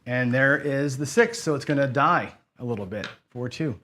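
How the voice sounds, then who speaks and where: A man's voice: medium pitch, normal speed, heavy background noise. A man hosting a live online craps stream, chatting to viewers and getting frustrated and cursing as he loses. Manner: frustrated, swearing, talks to chat. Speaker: online casino game host. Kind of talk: casual live-stream commentary.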